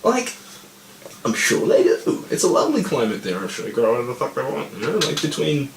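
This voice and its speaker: A man's voice: medium pitch, huge pitch swings, brisk, vocal fry, reverberant, slight background noise, rough recording. A stoned man in casual chat who rambles, swears a lot, and keeps losing his train of thought. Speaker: podcast co-host.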